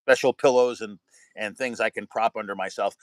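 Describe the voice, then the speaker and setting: A man's voice: on the low side, steady tone, a little fast, no room sound, low-quality recording. A man who works as a building inspector, chatting casually and rambling through road stories. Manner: rambling storyteller, retells anecdotes with quoted voices. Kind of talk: casual chat.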